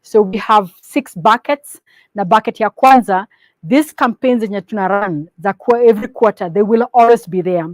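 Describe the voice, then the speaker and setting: A woman with a Kenyan accent presents business plans to partners in a steady, instructive manner, moving between English and Swahili within a sentence. Her pitch sits in a middle range. The recording is dry and close, with no room echo. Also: normal speed. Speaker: company presenter.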